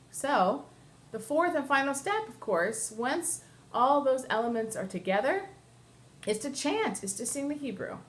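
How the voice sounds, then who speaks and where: Woman cantor, patient class teacher, mid pitch, faint hiss behind. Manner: patient, explanatory, step-by-step, breaks into chant. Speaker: cantor teaching Torah chanting. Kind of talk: classroom lesson with sung examples.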